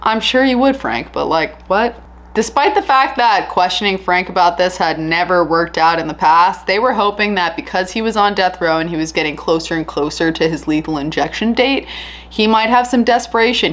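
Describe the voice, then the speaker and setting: A woman casually narrating a true crime case, chatty and candid with an animated retelling. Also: fairly low pitch.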